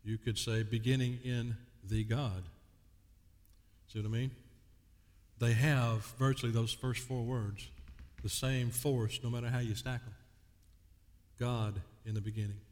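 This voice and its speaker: Slow, emphatic preacher in a reverberant hall. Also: male voice, mid-range voice, fairly even intonation, darkish tone. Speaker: pastor. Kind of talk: sermon.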